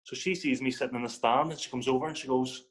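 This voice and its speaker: A Northern Irish man at a middling pitch, spinning casual stories as a podcast guest. He tells his anecdotes with animation and slips into the voices of the people he quotes. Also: steady tone, quick pace, low-quality recording. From Northern Ireland. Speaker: podcast guest, former footballer. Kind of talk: casual storytelling.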